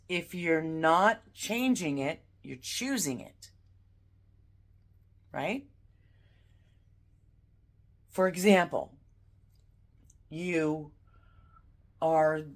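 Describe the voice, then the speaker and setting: A woman giving a heartfelt spiritual morning talk as a card-reading vlogger, gently guiding the listener through breathing. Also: low-pitched.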